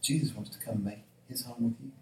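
Speaking fairly quickly in a medium-pitched voice, a preacher delivers a sermon with animation, switching voices to perform the lines of the story's figures. He's off-mic at a distance, so the sound has a roomy echo and a bit of background noise.

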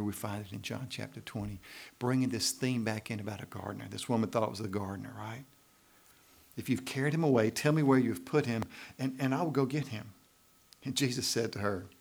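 A man preaching a sermon as pastor, lively and emphatic, often checking in with "right?" and pushing to loud emphasis. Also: on the low side, fairly quick, vocal fry, slight background noise.

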